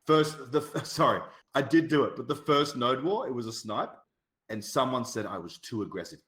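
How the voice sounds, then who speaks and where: An Australian man telling guild stories with lively swings in pitch, animated and quick to laugh, swearing freely. His voice rings in a noticeably echoey room. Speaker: podcast guest, guild shot caller. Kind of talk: casual chat.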